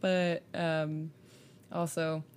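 A woman's voice: low voice, little pitch movement, very slow, clear, resonant tone. A woman co-hosting a podcast, chatting casually with dry, wry remarks. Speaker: podcast co-host. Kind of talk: casual chat.

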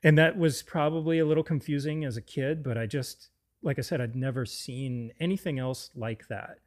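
Guy on a movie podcast, excited, restarts his sentences a lot. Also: mid-range voice, moderate pace. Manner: enthusiastic, restarts sentences often. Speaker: podcast co-host. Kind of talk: casual film discussion.

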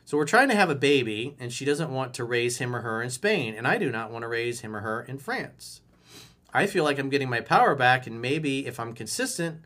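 A male relationship coach replying to a viewer's letter on video. His voice sits at an ordinary middle pitch for a man. He reads the questions out and then answers in a blunt, emphatic way, with casual swearing. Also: sharp tone. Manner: blunt, profane, emphatic advice.

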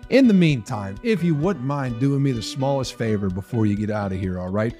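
A man's voice: medium pitch, fairly quick, faint music behind. Guy doing a solo comedy podcast, swears a ton, voice jumps all over the place. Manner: profane, rambling, animated rants.

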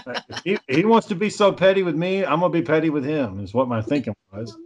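A man's voice: a little high, quick pace. Profane man telling stories. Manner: profane, animated storyteller. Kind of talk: casual chat among friends.

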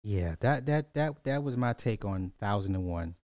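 A man's voice: lowish voice, lively intonation, moderate pace, darkish tone, no echo, studio quality. A man hosting a podcast, animatedly recapping a movie, repeating phrases and acting out the characters. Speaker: podcast host. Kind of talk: casual movie recap commentary.

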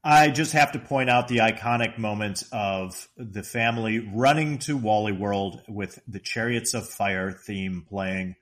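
A middle-aged man co-hosting a podcast, retelling movie scenes in an animated way and laughing often. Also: lowish voice, a little slow, hardly any pauses. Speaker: podcast co-host. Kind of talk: casual film discussion.

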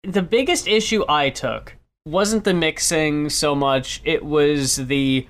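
A man talking about an album on a podcast in a laid-back, measured way. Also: fairly high pitch. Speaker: podcast guest. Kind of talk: casual album-review chat.

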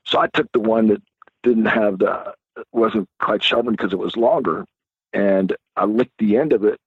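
An older man telling rowdy stories as a guest, acting out the voices and shouts of the people in them. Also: on the low side, moderate pace, slightly rough, no echo. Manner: acts out voices and screams in his stories, laughs a lot. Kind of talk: animated storytelling. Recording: dull lo-fi sound.

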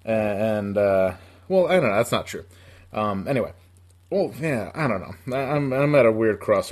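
A man from upstate New York telling a long story in casual chat, profane and rambling, laughing as he goes. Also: mid-range voice.

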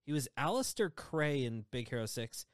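A man hosting a podcast, chatting quickly and excitedly about entertainment news and laughing often. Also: mid-range voice, smooth, no room sound, studio quality. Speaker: podcast host.

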